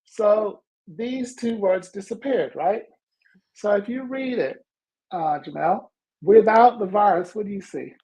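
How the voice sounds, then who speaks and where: A man with a high, dark-toned voice hosts a motivational podcast, speaking at a measured pace. He tells stories animatedly and acts out their dialogue, though the recording quality is low.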